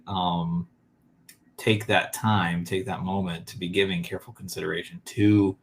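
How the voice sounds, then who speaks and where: A man co-hosting a parenting podcast talks in a relaxed, halting way, chuckling often between thoughts. His voice sits on the low side. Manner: easygoing, laughs often, halting with fillers. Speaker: podcast co-host. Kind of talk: casual parenting chat.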